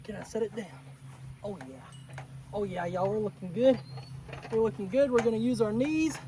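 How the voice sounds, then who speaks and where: Outdoors on his rural homestead, a young vlogger chats casually to the camera, saying y'all and repeating himself. He has a high-pitched voice at a moderate pace, over a noisy background of insects and crickets.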